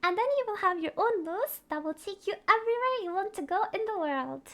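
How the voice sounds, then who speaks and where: A woman's voice: extremely high pitch, lively intonation, brisk, a bit bright. A young woman, hosting a playful, mock-serious comedic explainer as a virtual streamer. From Norway. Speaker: vtuber streamer.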